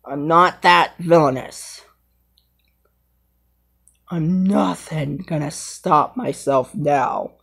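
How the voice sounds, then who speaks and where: A woman's voice: sits low, drawn-out words, vocal fry, pauses often, fairly bright tone, slightly rough, heavily acted. A woman voicing a brave, brooding young male lion in an amateur fan role-play, rambling and hesitant. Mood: earnest.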